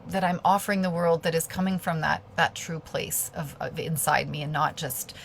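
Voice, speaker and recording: Woman guest on a video call, low gravelly voice, rambling and enthusiastic, faint noise behind. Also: steady tone, normal speed. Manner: rambling, many fillers and restarts; lights up with enthusiasm. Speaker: guest speaker. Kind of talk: casual talk on a video call.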